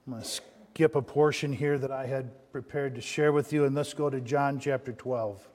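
A man's voice: medium pitch, fairly even intonation, normal speed, a little mellow, big-room sound. A man preaching a sermon as pastor, building emphasis and asking the church call-and-response questions.

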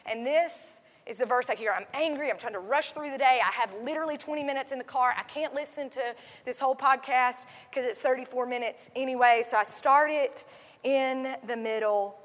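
A woman pastor delivers a sermon in a relaxed, conversational way, leaning on fillers and asides to her congregation. Her voice sits a little high. The sound carries a long, echoing reverb from the sanctuary. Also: fairly quick. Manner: conversational, many fillers like "like" and "um", drops to a soft hush when quoting. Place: church sanctuary.

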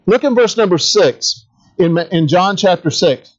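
A man's voice: high-pitched, normal speed, muffled recording. A middle-aged man, a pastor, preaching a conversational sermon, asking the congregation questions and adding humorous asides.

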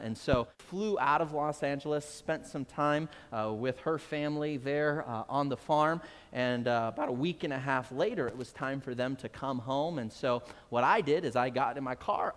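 A man, a pastor, telling a personal story in a sermon, with a loose conversational manner, repeated phrases and frequent "uh" fillers. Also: medium pitch. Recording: long reverb of a large hall.

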